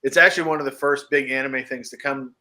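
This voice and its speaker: American male co-host, bright tone, animated and jokey, casual chat. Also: mid-range voice, quick pace. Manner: animated, jokey, laughs often. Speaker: podcast co-host. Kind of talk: casual chat about horror movies.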